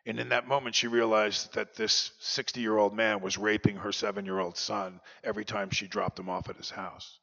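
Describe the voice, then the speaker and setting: A man's voice: on the low side, little pitch movement, moderate pace, creaky, hardly any pauses, fairly bright tone. Earnest man speaking in an echoing hall. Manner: earnest, confessional storyteller. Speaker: keynote speaker. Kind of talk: personal recovery talk. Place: conference luncheon hall. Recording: dull lo-fi recording, long hall reverb.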